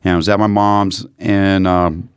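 This US man, a podcast guest, relates profane anecdotes in a relaxed chat, vividly voicing the quotes of people involved. His low, smooth voice moves unhurriedly, recorded dry with clean studio sound.

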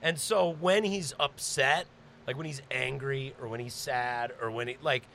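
A man hosting a podcast, telling stories in casual chat, animated and swearing freely. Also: medium pitch, normal speed, gravelly, a little hiss or hum. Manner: animated, swearing, laughing storyteller. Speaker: podcast host.

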